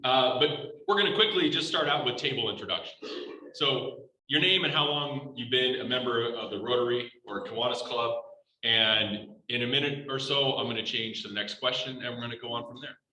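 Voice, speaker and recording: A man's voice: mid-range voice, fairly quick, sharp tone. Upbeat man leading a luncheon, echoey room. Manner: upbeat, informal, loose and meandering. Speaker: meeting leader. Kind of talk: casual speech hosting a meeting. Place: restaurant banquet room.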